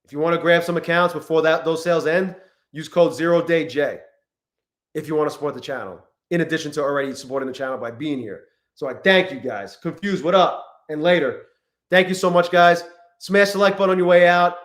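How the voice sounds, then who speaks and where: A man streaming live, talking casually and excitably to his chat, swearing often and greeting viewers by name. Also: on the high side, fairly quick, echoey room.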